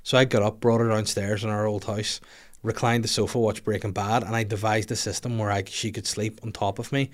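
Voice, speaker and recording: A man, hosting a podcast and telling funny stories in a casual, swearing way. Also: fairly quick. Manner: animated, swears a lot, puts on high squeaky voices for his daughter. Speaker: podcast host. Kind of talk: casual comedic storytelling.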